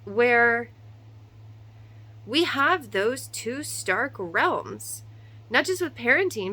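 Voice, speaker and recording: This woman in her thirties, a mother of three, vents to the camera in a casual, animated monologue packed with quick asides and rhetorical questions. Her voice sits a little high, and the audio is poor.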